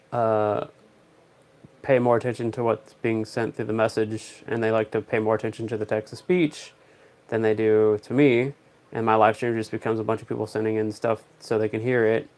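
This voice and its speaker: A young man, chatting on a casual livestream, rambling through stories with dry, joking asides. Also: on the low side. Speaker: live streamer.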